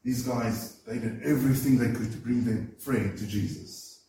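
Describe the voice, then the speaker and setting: A man's voice: mid-range voice, moderate pace, mellow, slight background noise. A man preaching a sermon, earnest and emphatic, often repeating words as he builds a point. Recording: roomy echo, voice from far off the mic.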